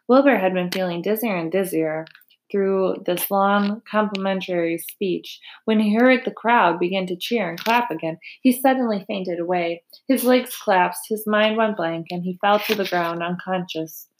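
A woman reading a children's novel aloud in a gentle, unhurried storytelling manner. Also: mid-range voice. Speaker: reader.

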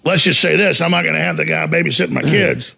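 A man hosting a talk show, ranting in a combative, mocking way and shouting for emphasis, with a raspy, gravelly voice. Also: on the high side, fast. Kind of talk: heated talk radio rant.

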